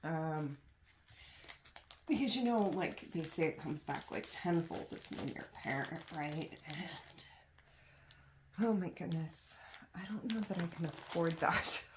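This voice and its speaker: Sorting craft supplies at home as kids make noise in another room, this young crafting vlogger speaks in a deep, animated voice. She's unhurried and pauses often, rambling with plenty of fillers and self-deprecating jokes over a noisy background.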